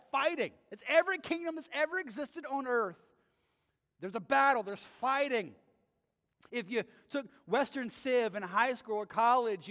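In a church sanctuary with long reverb, a man with a high, fairly bright voice preaches a sermon. His pastoral style is conversational, and he often checks in with the audience by saying "right?"

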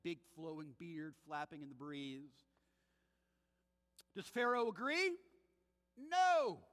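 A man preaching in a church sanctuary, retelling the story with lively animation and slipping into the voices he quotes. His voice sits high and sounds bright and forceful. A long reverb trails after his words from the big room. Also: takes it slowly. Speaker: pastor. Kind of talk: sermon.

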